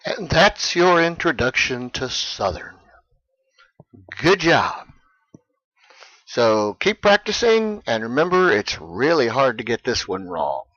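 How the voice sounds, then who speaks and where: Slow, lively-voiced male English teacher. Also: mid-range voice, no echo, muffled recording. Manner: slow, clear, emphatic delivery for learners. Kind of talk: scripted explainer lesson.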